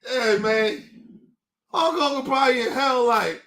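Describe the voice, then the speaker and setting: High-voiced man cackling through mocking commentary. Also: animated, a little slow, gravelly, bright, forceful tone. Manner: laughing constantly, profane, mocking; slangy casual speech, addresses viewers as people. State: crying with laughter. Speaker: streamer reacting to news clips. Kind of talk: livestream reaction commentary.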